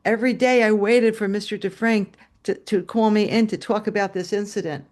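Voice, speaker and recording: An older woman spins a story from her teaching days to a live audience, speaking through a video call microphone. She is animated, jumping into character voices and turning to her listeners with asides. Her pitch sits in an ordinary middle range. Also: brisk.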